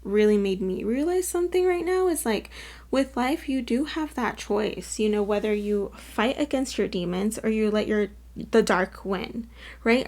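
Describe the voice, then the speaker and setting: A woman's voice: fairly high pitch, darkish tone. A woman giving a casual, effusive pick-a-card tarot reading to camera, earnest and full of fillers. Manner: chatty and effusive, full of "like" and "you guys"; earnest and openly moved while reading. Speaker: tarot reader.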